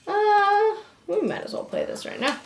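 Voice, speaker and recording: A woman's voice: very high-pitched, lively intonation, fast talker, gravelly. A woman playing a board game, casually explaining the rules and counting out her moves. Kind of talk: casual tabletop gameplay talk. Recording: roomy echoey room.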